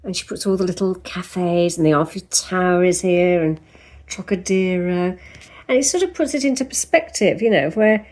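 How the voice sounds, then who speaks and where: A woman's voice: fairly low pitch, normal speed, darkish tone. A woman vlogger chatting casually to camera, rambling and speaking directly to the viewer, first at home and later outdoors in a park. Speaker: lifestyle vlogger.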